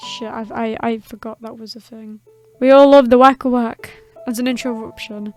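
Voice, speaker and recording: A woman streams a game and comments casually, sarcastic and quick to joke. Her voice sits high, and soft game music plays underneath. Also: fairly even intonation. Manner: sarcastic, joking, swears. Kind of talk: casual let's-play commentary.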